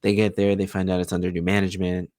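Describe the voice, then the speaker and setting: A man's voice: low voice, monotone, fast, a little mellow, no room sound, clean studio sound. A man co-hosting a casual TV recap show, steadily retelling the plot with fillers like "you know". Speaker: podcast co-host.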